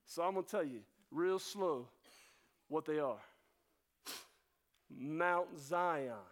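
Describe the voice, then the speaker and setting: A high-pitched man preaches to his congregation. He rushes with excitement, then slows right down to drive each point home. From North Carolina. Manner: fast-talking, excitable preaching with sudden slow emphasis. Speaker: pastor. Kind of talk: sermon.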